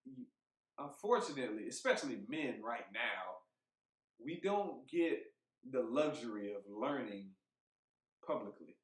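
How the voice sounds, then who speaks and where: A man co-hosting a podcast, talking in a heated, emphatic way, swearing freely and thinking out loud with restarts. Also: mid-range voice, sing-song, unhurried, long pauses. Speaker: podcast co-host. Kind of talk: casual podcast chat. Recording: roomy echo.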